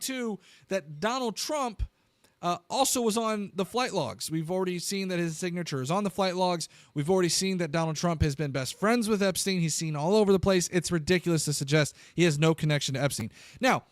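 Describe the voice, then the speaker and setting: A man hosting a live political commentary stream, animated and incredulous, talking straight to his viewers. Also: sits high, dry recording, studio quality.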